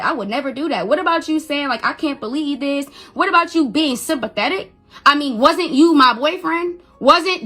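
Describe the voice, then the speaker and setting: A woman's voice: very high voice, bright, forceful tone. A mother in a heated rant defending herself, agitated and repetitive, stumbling over restarts. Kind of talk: heated live-video rant.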